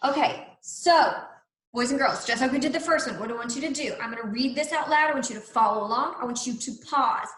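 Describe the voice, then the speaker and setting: A woman's voice: high-pitched, echoey room, low-quality recording. A woman teacher leading a grammar lesson for young children, drawing out key words and asking questions as she goes. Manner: animated, questioning, drawn-out emphasis. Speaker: elementary school teacher.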